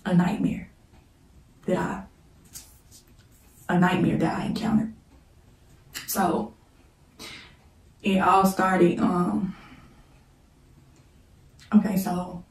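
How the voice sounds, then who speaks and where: Emotional woman with a mellow voice, recorded in an echoey room. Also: lowish voice. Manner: halting, repeats "like", prays between passages. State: holding back tears. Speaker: storyteller vlogger. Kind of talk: emotional personal storytime. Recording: roomy, echoey room mic set at a distance.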